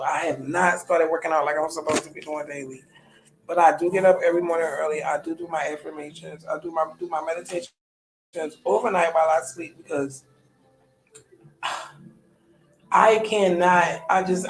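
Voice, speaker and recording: A woman's voice: fairly low pitch, echoey room, low-quality recording. A woman in her thirties, a podcast host, talking candidly in a personal monologue, colloquial, often trailing off and restarting. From United States.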